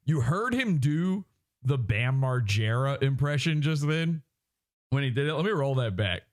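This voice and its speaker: A man's voice: medium pitch, measured pace. A man hosting a livestream podcast, ranting in a mocking way and slipping into impressions. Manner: animated, mocking, slips into impressions. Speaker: podcast host.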